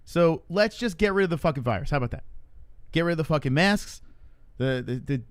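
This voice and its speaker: A man's voice: a little high, animated, a little fast, no room sound, studio quality. A man co-hosting a casual news show who rants sarcastically and swears a lot. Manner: profane, sarcastic ranting. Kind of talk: casual chat.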